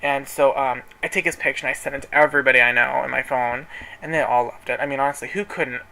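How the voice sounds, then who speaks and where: A man's voice: mid-range voice, steady tone, fast talker, vocal fry, bright, forceful tone, low-quality recording. A man telling a story in a casual vlog, chatty and sassy, dramatically quoting people while folding clothes at home. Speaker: vlogger. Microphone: camera in front of him.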